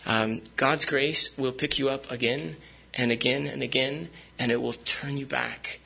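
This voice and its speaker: A man's voice: mid-range voice, fairly even intonation, measured pace, vocal fry, pushed and bright, breathy edge, rough recording. A man preaching a sermon as pastor, speaking conversationally with frequent fillers and restarts.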